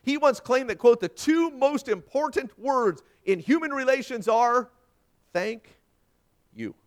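A man preaching a sermon with folksy asides, swinging dramatically from loud emphasis down to a hushed near-whisper. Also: extremely high pitch, animated, unhurried. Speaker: pastor.

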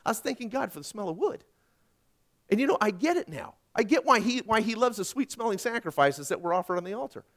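Male pastor, high voice with a lively, wide-ranging delivery; conversational preaching, from forceful emphasis down to quiet words. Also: quick pace. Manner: animated, swinging from loud emphatic lines to hushed ones; conversational preaching with personal anecdotes. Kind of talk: sermon.

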